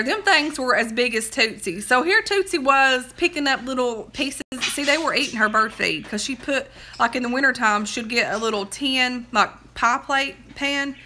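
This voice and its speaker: A chatty woman with a drawl rambles through homey stories on a phone livestream. Her voice is bright and a touch high, and she sits curled up on the couch at home. She drifts from one tangent to the next and laughs at her own jokes. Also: a little hiss or hum. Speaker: livestream host. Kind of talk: rambling casual chat.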